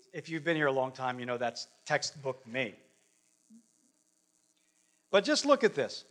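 A man's voice: mid-range voice, lively intonation, a little slow, long pauses, fairly bright tone. A man preaching a sermon as pastor, earnest and conversational, stretching out key phrases for emphasis. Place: church sanctuary.

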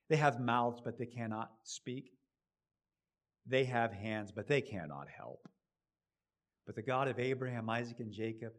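A middle-aged man preaching a sermon, building to loud emphatic rises and then dropping low and quiet.

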